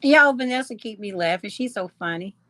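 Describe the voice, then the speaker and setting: A woman's voice: medium pitch, lively intonation, a little fast, sharp tone, dry recording. A woman hosting a casual live chat, reading comments aloud, teasing her viewers and laughing often. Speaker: livestream host.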